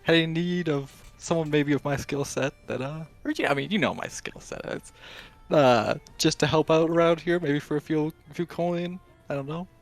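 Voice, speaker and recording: A man playing a tabletop game, talking in a hesitant, halting way. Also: on the high side, faint music behind. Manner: hesitant, halting, many fillers. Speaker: player. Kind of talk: casual tabletop play.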